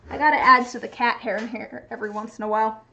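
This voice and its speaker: A woman's voice: on the high side, fairly even intonation, fast talker, gravelly, pushed and bright. A woman from the Pacific Northwest with a light regional American accent, chatting casually and rambling with lots of restarts while she streams her crafting. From Pacific Northwest, USA.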